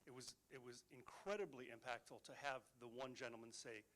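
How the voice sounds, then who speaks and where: A man moderating a conference panel who asks questions in a halting, searching way. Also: mid-range voice, fairly even intonation, fairly bright tone, rough recording. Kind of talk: panel discussion.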